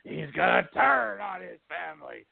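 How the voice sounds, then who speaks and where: A blustering wrestling-boss voice, put on by a man in a gruff, drawn-out boom. It sits a little high. It comes through a thin, phone-like line. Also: sing-song, heavily acted.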